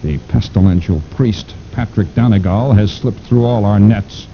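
A man doing a cold, imperious evil mastermind. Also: vocal fry. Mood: scheming. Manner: slow, measured, imperious delivery. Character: sinister aged male criminal mastermind, cold, commanding. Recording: dull lo-fi recording with rumble.

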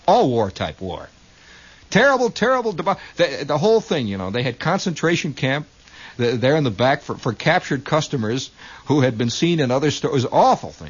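A male radio host with a medium-pitched, breathy-edged voice spins a rambling comic story, wry and storytelling in style, with mock-military asides. It comes from a lo-fi old broadcast recording.

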